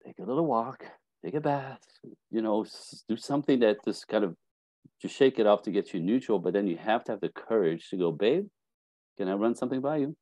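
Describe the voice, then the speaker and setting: Animated male relationship coach, low mellow voice. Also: fairly quick, dry recording, poor audio. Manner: animated storyteller acting out quotes. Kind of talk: casual advice interview.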